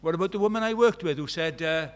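A middle-aged Welsh man preaching a sermon, moving between loud declarations and quiet, hushed asides. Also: fairly high pitch, fast. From Wales.

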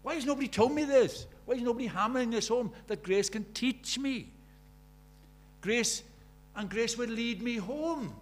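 A man preaching a sermon, animated, shifting from loud emphatic lines to quiet asides. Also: very high voice, moderate pace.

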